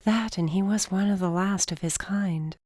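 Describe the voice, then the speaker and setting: A woman reading a first-person audiobook narration in a steady, even storytelling manner. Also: medium pitch, moderate pace, no echo, clean studio sound.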